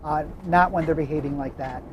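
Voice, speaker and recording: A man's voice: fairly high pitch, a little fast, noisy background, close to an everyday voice. A man voicing a firm, polite female postmaster who asks someone to leave.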